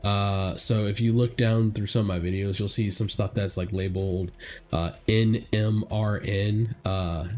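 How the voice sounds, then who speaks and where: A man's voice: on the low side, steady tone, unhurried, a little mellow, soft background music. A young man with a stuffed-up nose giving casual gameplay commentary as a streamer, rambling with lots of fillers. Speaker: game streamer.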